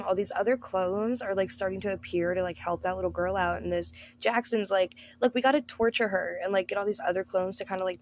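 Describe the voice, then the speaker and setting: A woman's voice: medium pitch, a little hiss or hum. A woman recapping a movie in casual commentary, sarcastic and profane, with "like" in nearly every sentence. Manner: sarcastic, profane, says "like" constantly. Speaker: movie reviewer.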